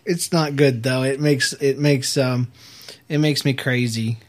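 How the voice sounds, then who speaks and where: A man's voice: mid-range voice, fairly even intonation, measured pace. Brief: adult man, amused dad as host, playful and giggly chat. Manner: laughs often, teasing and amused. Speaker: father hosting a home show with his daughter.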